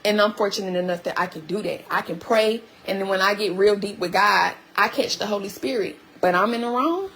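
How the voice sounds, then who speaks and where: A woman's voice: medium pitch, brisk, few pauses, fairly bright tone, poor audio. A woman venting to her viewers on a live stream, emphatic and full of repeated rhetorical questions.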